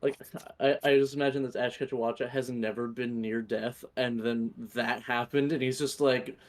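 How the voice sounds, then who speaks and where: A man's voice: medium pitch, steady tone. A man playing a tabletop game, talking in a goofy way. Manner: slow, goofy. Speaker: player. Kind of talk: casual chat at a game table.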